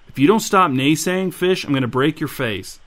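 A man reading the part of an aggressive, excitable teenage boy, blunt and eager. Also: a little high, normal speed, voice pushed up. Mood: threatening.

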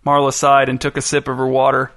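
Deadpan male storyteller. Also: medium pitch, fast talker, no echo, clean studio sound. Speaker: narrator. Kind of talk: scripted narration.

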